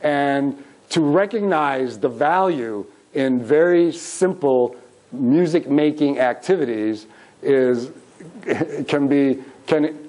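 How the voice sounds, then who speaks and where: A man's voice: medium pitch, warm tone, rough recording. A middle-aged man leading a music workshop, teaching with call-and-response singing in a conference room. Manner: upbeat, leads the room in sung call-and-response. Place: conference room with live audience. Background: guitar strummed by the speaker.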